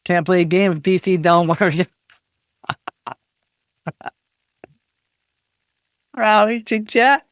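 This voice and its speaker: A man's voice: high-pitched, drawn-out words, long pauses, fairly bright tone, smooth, dry recording, studio quality. A man chatting on a live stream, reading his chat aloud and trading jokey teasing banter with the viewers. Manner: reads chat messages aloud and reacts.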